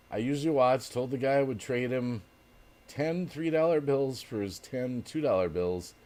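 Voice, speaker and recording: A man's voice: medium pitch, measured pace, pauses often, mellow. A man hosting a casual livestream, reading viewer comments aloud, chatting and laughing often. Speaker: livestream host.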